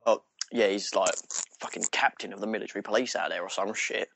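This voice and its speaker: A man's voice: lowish voice, fast, creaky, a little hiss or hum. A young man from southern England, cohosting a casual podcast chat, sweary and joking. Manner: sweary, joking, lively delivery. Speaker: podcast co-host.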